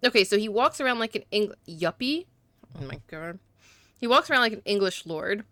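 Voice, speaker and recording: Bright-voiced woman streaming a game, chatty, dry close mic. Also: mid-range voice, animated, brisk, dry recording. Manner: self-deprecating, chatty, reads chat. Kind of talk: casual game commentary.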